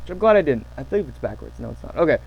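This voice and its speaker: A man casually telling stories to camera, excitable and rambling, with lots of fillers and restarts. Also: a little high, very fast, gravelly, muffled recording. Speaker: channel host.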